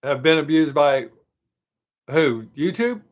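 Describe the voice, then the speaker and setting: A man's voice: on the high side, animated, slow. A man hosting his own live stream, chatting with viewers in a rambling, joking, self-mocking way.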